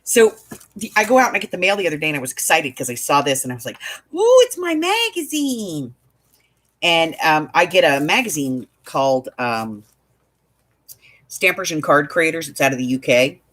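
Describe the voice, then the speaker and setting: A woman's voice: sits low, expressive, fairly quick, a bit bright. A woman running a craft shop, telling a story in casual chat, with exasperated asides. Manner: chatty storytelling, exasperated asides, laughs often.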